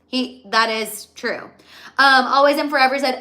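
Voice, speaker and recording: Young woman spilling gossip on a livestream, high bright voice, super animated. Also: a little fast. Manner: animated, gossipy, reads out viewer comments. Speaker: gossip show host. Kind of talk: casual livestream chat.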